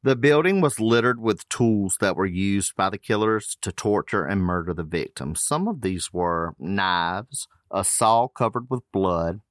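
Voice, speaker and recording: A man's voice: on the low side, animated, measured pace, few pauses, dry recording, studio quality. A man hosting a podcast, reading case notes aloud with loose casual asides. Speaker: podcast host.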